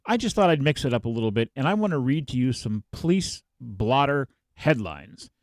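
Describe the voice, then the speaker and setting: A male podcast host reading out police blotter headlines in a casual, animated way, laughing as he goes. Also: mid-range voice, normal speed, dry recording, studio quality.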